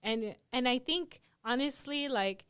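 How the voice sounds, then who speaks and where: A young adult woman co-hosting a podcast, talking in an animated, chatty way with lots of "like" fillers. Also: high voice, unhurried, smooth. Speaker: podcast co-host. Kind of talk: casual conversational chat.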